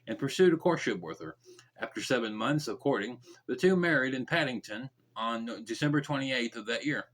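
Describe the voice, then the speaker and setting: A man's voice: medium pitch, fairly bright tone. A man hosting a true crime podcast, reading the case aloud and breaking off into casual, joking side comments. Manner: reads facts briskly, then drops into mumbled, joking side comments.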